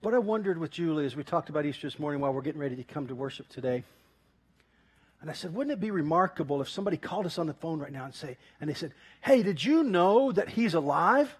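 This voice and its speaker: A man pastor preaching an animated sermon, telling a story and laughing often. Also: on the high side, very fast, husky. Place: church.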